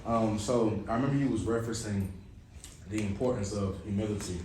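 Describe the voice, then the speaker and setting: A young man asks polite, somewhat hesitant questions from the audience at a student event. His voice is very low. The hall around him is very echoey, with a faint layer of noise. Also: brisk, a little mellow. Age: young adult. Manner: polite, a little hesitant, with fillers.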